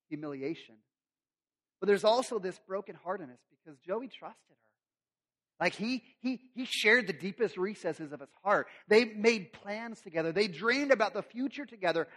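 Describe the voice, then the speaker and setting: A male pastor preaches in a relaxed, conversational storytelling way and drops humorous asides along the way. His voice sits fairly high. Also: normal speed. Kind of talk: sermon.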